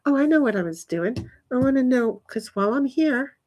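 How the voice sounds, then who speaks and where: A woman's voice: sits high, expressive, fairly quick, a little mellow. A woman live streaming from her backyard, rambling casually to herself and her chat and swearing now and then. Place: backyard, outdoors.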